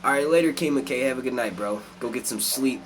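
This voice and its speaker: A man hosting a casual live stream, animated and swearing a lot as he reads out chat comments. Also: medium pitch, a little fast, a little hiss or hum. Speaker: youtube live stream host.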